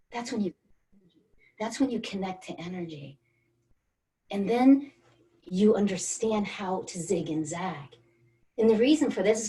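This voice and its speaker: A woman's voice: medium pitch, mellow, far from the mic. A woman wellness coach leading an online group through a guided energy exercise, coaxing and encouraging participants by name. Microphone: video call.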